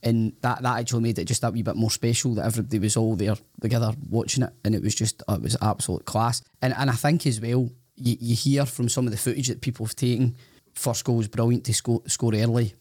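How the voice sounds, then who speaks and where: A Scottish man co-hosts a casual podcast and tells his stories in a quick, rambling way, often restarting his sentences. His voice is recorded close and dry, and his humour is self-deprecating. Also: mid-range voice, warm tone, dry recording. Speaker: podcast co-host.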